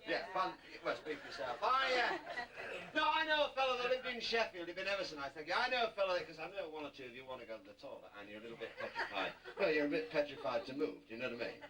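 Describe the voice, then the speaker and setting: A man's voice: a little high, very animated, rapid-fire. A middle-aged man with a Yorkshire accent doing stand-up at a party, telling jokes in a chatty way and chuckling at his own punchlines. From Yorkshire, England. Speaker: stand-up comedian. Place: hotel function room. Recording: distant mic, noisy room. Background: crowd laughter and room noise.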